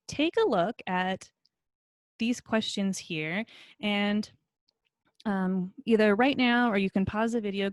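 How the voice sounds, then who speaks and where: A woman's voice: medium pitch, no room sound, clean studio sound. Encouraging woman teaching a recorded lesson. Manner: friendly, encouraging, with many fillers. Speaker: college instructor. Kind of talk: recorded video lecture.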